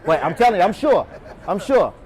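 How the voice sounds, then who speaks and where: A man with a high-pitched, breathy-edged voice speaks fairly quickly as he gives an energetic motivational talk to door-to-door salespeople in a meeting room. He quizzes the live audience and calls on them to answer.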